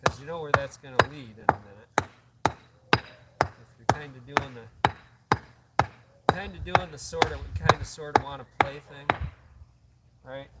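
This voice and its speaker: A man's voice: a little high, normal speed, long pauses, far from the mic, heavy background noise. A man hosting a casual livestream outdoors on a hot day, rambling and chatting to his dog. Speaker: livestream host.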